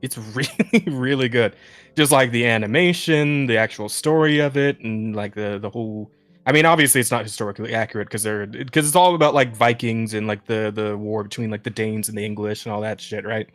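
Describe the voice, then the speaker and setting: A man's voice: lowish voice, brisk, fairly bright tone. A young man co-hosting a podcast in casual chat, rambling with lots of restarts, swearing and laughing often. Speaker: podcast co-host.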